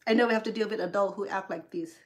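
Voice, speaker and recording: A woman's voice: mid-range voice, racing. A woman from Cambodia, an English learner, hosting a cooking livestream and angrily scolding a rude viewer with heated sarcasm. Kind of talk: angry livestream rant at a viewer.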